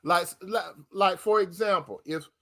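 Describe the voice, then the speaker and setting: Man, high-pitched voice, preacherly advice host, calls listeners brother, drawn-out emphasis on key words. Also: pushed and bright. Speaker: host giving relationship advice. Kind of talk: preacherly advice talk reading viewer comments.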